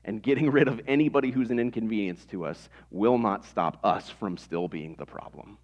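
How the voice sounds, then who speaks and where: Low-voiced man preaching a sermon. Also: normal speed, lo-fi sound. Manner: conversational preaching with rhetorical questions. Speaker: pastor.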